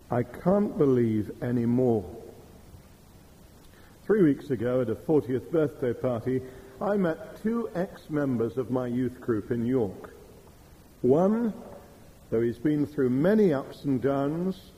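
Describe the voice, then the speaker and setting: Man, sermon, mellow voice, slow measured delivery. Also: mid-range voice, low-quality recording. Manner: measured storytelling with quoted Russian phrases. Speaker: preacher.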